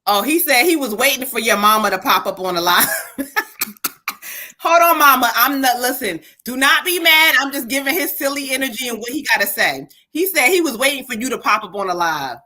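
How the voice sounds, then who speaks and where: A woman tarot reader on a live stream, speaking in a bright, slightly high voice. She giggles often and swears casually while she passes along messages. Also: fairly quick, hardly any pauses. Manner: giggly, animated, swears freely. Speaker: psychic reader. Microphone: webcam or phone on a live stream.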